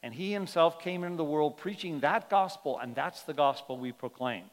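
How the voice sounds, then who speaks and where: A man's voice: on the high side, moderate pace. A man preaching a sermon as pastor, earnest and emphatic, often letting his voice drop at the end of a point. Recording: long hall reverb.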